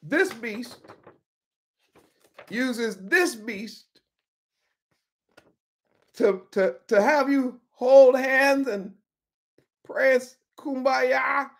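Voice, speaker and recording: A woman's voice: sits high, drawn-out words, pauses often. A woman teaching from the Bible in an informal sermon style, emphatic, repeating key words and calling on listeners by name.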